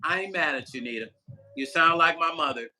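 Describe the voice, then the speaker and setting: A man's voice: on the high side, brisk, pushed and bright. An older man vlogging live and chatting loosely with viewers, joking and talking straight to his chat. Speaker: musician vlogger. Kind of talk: casual livestream chat reading viewer comments.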